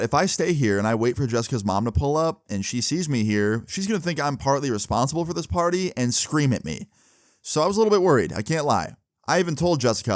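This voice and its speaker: A young man recounts a story in a loose, chatty storytime style, full of fillers and casual swearing. His voice sits at an ordinary middle pitch. The sound is dry and close, with no room echo.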